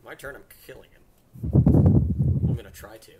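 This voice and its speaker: A man's voice: medium pitch, fairly even intonation, moderate pace. Mumbling young man, noisy recording. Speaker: player. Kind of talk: casual tabletop game chat. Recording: noisy home recording with clicks.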